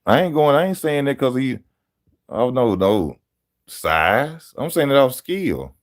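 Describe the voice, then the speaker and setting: A man talking casually on a live stream, animated and slangy, laughing often as he answers chat about boxing. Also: medium pitch, measured pace. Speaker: boxing channel host reading live chat.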